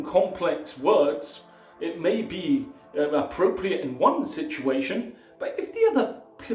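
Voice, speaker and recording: A man presenting a casual advice video, explaining points in a measured way with occasional restarts. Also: high voice, darkish tone, roomy sound, poor audio. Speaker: YouTube presenter. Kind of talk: casual advice talk to camera.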